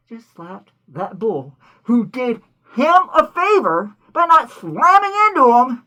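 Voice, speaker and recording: A woman hosting a cartoon commentary, talking in an animated, indignant way full of rhetorical questions. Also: on the high side, slow. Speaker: host.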